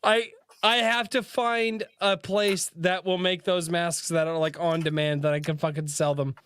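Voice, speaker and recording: High, bright-voiced teasing podcast host. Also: male voice, flat delivery, normal speed, smooth. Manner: teasing, crude, laughing. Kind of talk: casual podcast chat.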